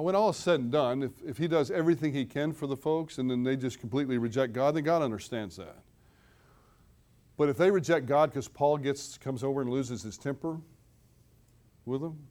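A man's voice: medium pitch, a little mellow. A middle-aged man preaching a sermon to his congregation. He keeps it conversational, drops self-deprecating asides, and leans hard into the dramatic moments of the story. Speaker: pastor.

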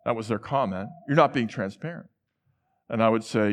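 A man's voice: fairly low pitch, normal speed. A middle-aged man from the central United States preaching a sermon in a large church, telling personal stories in a conversational way and acting out the voices he quotes.

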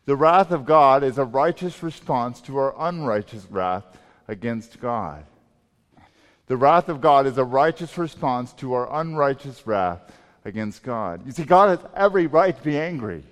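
Guy preaching a sermon, pushes hard then drops quiet, big echoey church hall. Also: medium pitch, lively intonation, measured pace. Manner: emphatic, swings between loud and quiet. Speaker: pastor. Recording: long reverb of a large hall.

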